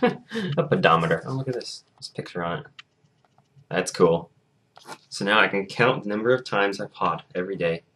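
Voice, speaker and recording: A young man with a lowish voice chats casually to his camera in a vlog. He rambles and restarts his sentences, and his retelling is lively and loose. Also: normal speed, long pauses, a little hiss or hum. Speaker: vlogger.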